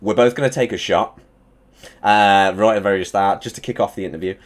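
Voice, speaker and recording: Ahead of an interview, a young man gets his live-stream chat hyped, excitable and cursing in a casual way. His voice is lowish and brisk, with slight background noise behind it.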